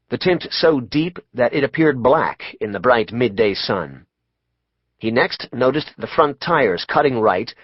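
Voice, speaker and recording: Brief: male audiobook narrator, dramatic and expressive, dull dry sound. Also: mid-range voice, no room sound. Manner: measured, dramatic storytelling. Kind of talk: scripted narration.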